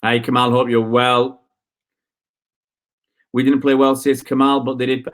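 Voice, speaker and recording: A man's voice: medium pitch, little pitch movement, a little slow, fairly bright tone. A man hosting a live football stream, ranting in frustration and answering viewer comments with rhetorical questions. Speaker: football channel host.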